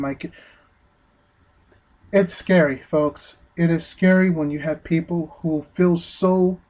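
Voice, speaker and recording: A man giving an earnest opinion monologue, speaking haltingly with frequent restarts. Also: a little high, darkish tone, rough recording. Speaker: vlogger.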